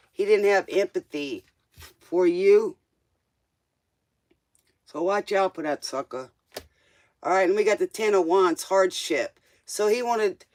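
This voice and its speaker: A man with a high, slightly mellow voice does a live-stream tarot reading. He's casual and joking, talking directly to the viewer in loose, slangy speech.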